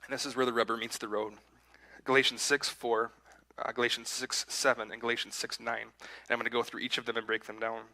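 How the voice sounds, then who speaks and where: Male preacher with a very bright, sharp tone and a mid-range pitch; casual, self-deprecating delivery. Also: flat delivery, a little fast, rough recording. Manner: conversational, self-deprecating, acts out his inner voice. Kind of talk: sermon with personal story. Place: church sanctuary.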